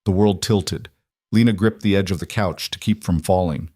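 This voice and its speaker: Low-voiced man narrating a dark story. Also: moderate pace, breathy edge, no room sound, studio quality.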